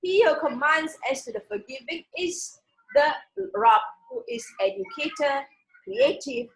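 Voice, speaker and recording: A woman teaching a Quran passage, reading the Arabic words slowly and with stress, then explaining them in a relaxed way with many restarts. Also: high voice, gravelly, low-quality recording.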